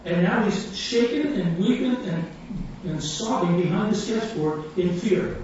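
High-voiced man preaching in an echoey hall. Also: a little slow. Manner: animated storyteller, acts out quoted voices. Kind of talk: sermon storytelling. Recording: echoey hall, distant mic, dull sound, faint room hum.

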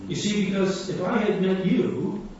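A man's voice: sits high, fairly even intonation, unhurried, a little mellow. A man preaching a sermon, telling a story with animation and acting out the voices of the people in it. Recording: echoey hall, distant mic, dull sound, faint room hum.

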